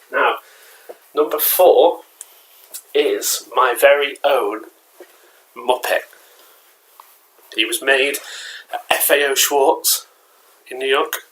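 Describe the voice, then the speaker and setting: English guy vlogging his collectibles from home, bright voice, rambly and chatty w lots of ums. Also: mid-range voice, slow, pauses often, slight background noise, rough recording. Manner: rambling and chatty, restarts and um fillers. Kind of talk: casual vlog chat. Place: at home, indoors.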